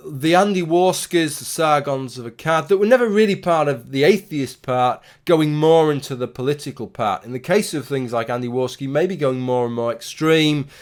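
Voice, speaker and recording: A man in his thirties talking casually to camera in a rambling, opinionated way, with restarts and the odd swear word. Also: mid-range voice. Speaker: YouTuber. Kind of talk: casual talking-head commentary.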